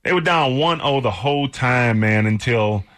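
A man co-hosting a casual sports talk show, talking with many pauses and fillers. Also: mid-range voice, fairly bright tone, dry recording, studio quality. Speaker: co-host.

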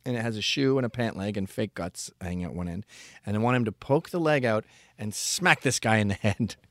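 Male host, low-pitched, profane ranting storyteller, dry close mic. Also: brisk, no echo. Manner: ranting, profane, deadpan asides. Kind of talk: comedic storytelling monologue.

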